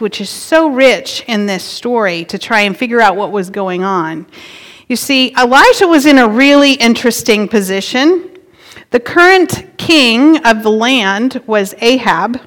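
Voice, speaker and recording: A woman's voice: a little high, fairly bright tone. A woman pastor giving a sermon in a conversational way, playing with word emphasis. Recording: long hall reverb.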